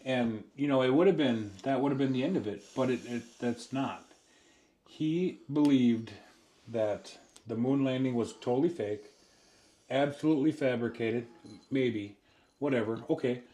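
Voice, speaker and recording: A man's voice: mid-range voice, normal speed, mellow. A man co-hosting a casual chat, telling anecdotes in a laid-back, easygoing way. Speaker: co-host.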